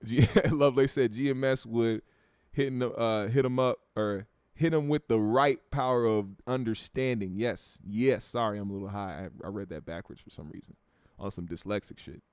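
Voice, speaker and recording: A man's voice: fairly low pitch, moderate pace, a little mellow, smooth, no room sound. A man from the United States hosting a livestream, reading out viewer comments in a brash, profane, blunt way. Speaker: show host.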